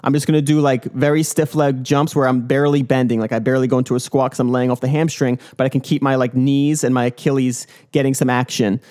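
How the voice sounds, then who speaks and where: Hyped young bro dunk podcaster. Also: male voice, medium pitch, level tone, fast talker, few pauses, a little mellow. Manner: hyped, swearing, jokey bro talk. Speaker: dunk vlogger and podcast host. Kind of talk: casual rambling podcast monologue.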